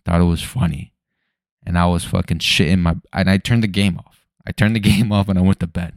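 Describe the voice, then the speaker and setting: A young man with a low, deep voice talks loosely into the mic. He rambles, swears freely and jumps between thoughts. The sound is dry and close. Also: steady tone, fairly quick, creaky, dry recording. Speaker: podcast host. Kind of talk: casual solo podcast chat. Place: home room at night.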